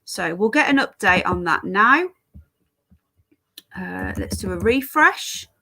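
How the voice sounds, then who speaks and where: A woman's voice: medium pitch, expressive, takes it slowly, gravelly, pushed and bright. An English woman chatting casually on a live stream, greeting viewers by name while fiddling with her stream settings. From England.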